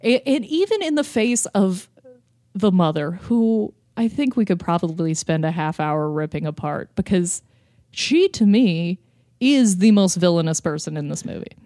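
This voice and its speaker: A woman's voice: lowish voice, expressive, normal speed, warm tone, no echo, clean studio sound. A woman co-hosting a casual movie review podcast, talking emphatically and laughing often. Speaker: podcast co-host.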